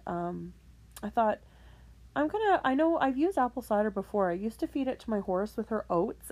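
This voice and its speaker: A woman with a voice of middling pitch talks casually into a microphone indoors. She rambles freely, swings into exasperated rants and then backs off with sheepish, self-deprecating apologies. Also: darkish tone. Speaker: podcast host. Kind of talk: casual solo monologue.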